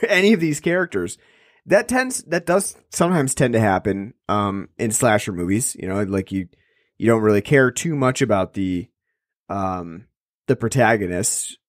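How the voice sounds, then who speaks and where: A man's voice: mid-range voice, no room sound, studio quality. A man co-hosting a podcast, chatting casually about a film, rambling with many restarts and fillers. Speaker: podcast co-host. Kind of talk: casual film review chat.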